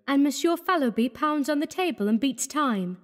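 A man voicing a gentle, quietly anxious young woman in a high falsetto. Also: animated, moderate pace, in a large hall. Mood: cheerful.

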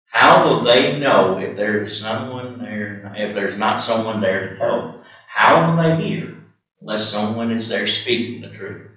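A male preacher delivering a sermon, swinging from low, steady points up to fervent shouts. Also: unhurried, distant mic, lo-fi sound. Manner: impassioned, rising to shouts and dropping low. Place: church sanctuary. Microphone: webcam. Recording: echoey webcam audio from across the room.

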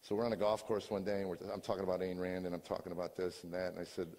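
An older man, a comedian, giving a personal testimony in a storytelling way, dropping to quiet talk and rising to shouts. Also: sits low, flat delivery, rapid-fire, hardly any pauses, in a large hall. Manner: storytelling, swings from hushed to shouting.

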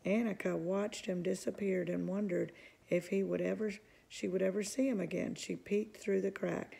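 A woman reading a children's book aloud in a calm, even narrating voice. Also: on the low side, moderate pace, creaky, breathy edge. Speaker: storybook reader.

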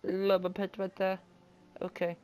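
A man giving chatty let's-play commentary, rambling and getting excited as he plays. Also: high-pitched, a little slow, smooth. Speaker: gameplay commentator. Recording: quiet background music. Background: faint background music.

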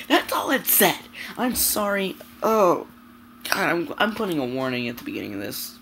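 Young woman ranting, sweary, stammering restarts, swooping lively pitch, faint hiss behind. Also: normal speed. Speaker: vlogger. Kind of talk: angry rant to camera.

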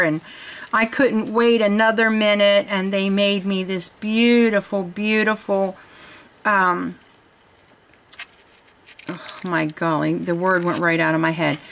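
A woman's voice: mid-range voice, fairly bright tone. Gushing older woman showing crafts. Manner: gushing, effusive, searches for words. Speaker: crafting vlogger. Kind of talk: casual show-and-tell vlog. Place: home in Florida.

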